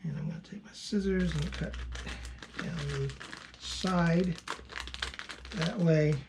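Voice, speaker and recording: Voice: mid-range voice, takes it slowly, noisy background. Gushing, chatty postcard seller. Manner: chatty, gushing over each card, frequent fillers. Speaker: online postcard seller and channel host. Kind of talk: casual unboxing commentary.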